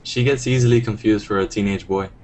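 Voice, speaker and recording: A man's voice: fairly low pitch, fairly even intonation, fast talker, a crowd in the background. A young man chatting casually as a guest, laid-back and laughing often. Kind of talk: casual chat.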